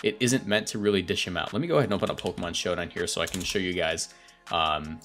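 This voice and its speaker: A man's voice: low-pitched, a bit bright, faint music behind. A young man hosting his own gaming channel, talking casually and correcting himself mid-thought as he rates game characters. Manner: chatty, self-correcting, quick asides. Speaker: competitive gaming video host. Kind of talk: casual commentary.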